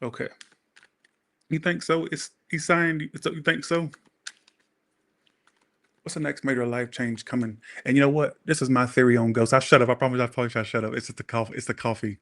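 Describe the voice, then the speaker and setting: A chatty man giving a tarot reading in a bright, forceful voice. He wanders off on tangents, swears casually and talks straight to his viewers. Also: medium pitch, steady tone, a little fast, pauses often. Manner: rambling, profane, talks to viewers. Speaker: tarot reader.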